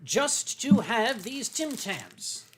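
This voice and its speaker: A man's voice: very high-pitched, big pitch swings, takes it slowly, a little hiss or hum. An older American man hosting a casual livestream, rambling and joking with lots of fillers and restarts. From United States. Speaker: livestream host. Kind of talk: casual chat while drinking wine.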